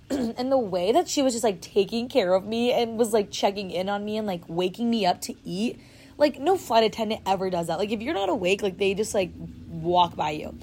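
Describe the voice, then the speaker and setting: With lively intonation and a moderate pace, a young adult woman's mid-range, slightly mellow voice carries a chatty, dramatic travel story full of fillers, over slight background noise. The storyteller vlogger's casual storytime starts outdoors and moves inside.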